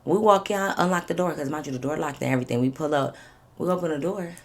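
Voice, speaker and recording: A woman vlogger telling a story in casual, animated fashion, swearing freely and acting out what people said. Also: low-pitched, quick pace. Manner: animated, swears freely, acts out others' lines.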